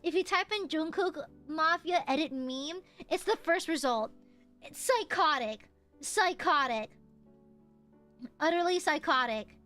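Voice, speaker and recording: High bright playful woman streamer. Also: measured pace, soft background music. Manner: playful, chatty, bursts into giggles and squeals. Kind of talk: casual chat with a live stream chat.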